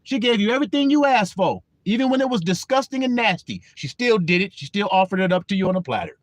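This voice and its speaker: A male preacher with a high, very lively voice, delivering a sermon. He talks emphatically and bluntly, with casual profanity. The recording is dry and close. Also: fast, no room sound.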